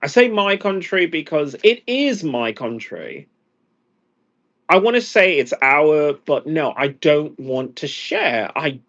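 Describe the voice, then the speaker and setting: A man's voice: on the high side, big pitch swings, slow, a bit bright, muffled recording. An exhausted American man venting angrily in a profane monologue. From United States. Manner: angry, profane rant. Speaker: vlogger.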